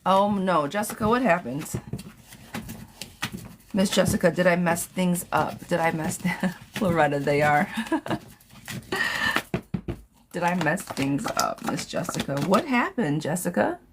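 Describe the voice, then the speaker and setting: A woman's voice: on the low side, animated, measured pace, long pauses, background noise. Blunt, chatty woman reading tarot live. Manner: chatty, blunt, reads questions aloud and repeats them. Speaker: tarot reader answering viewer questions. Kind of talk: casual live-stream chat.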